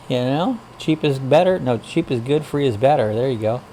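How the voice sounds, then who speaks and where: A man's voice: mid-range voice, expressive, normal speed, hardly any pauses, warm tone, slight background noise. A man hosting a casual livestream chat, reading viewer comments aloud and greeting people in a folksy, rambling way. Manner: rambling, frequent uh fillers. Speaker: livestream host.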